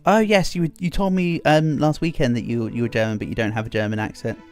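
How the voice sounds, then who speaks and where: A man's voice: mid-range voice, steady tone, fast talker, darkish tone, clear, resonant tone. An English man chatting casually to his viewers while playing a game on a live stream, humming and scatting along between remarks. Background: faint game music.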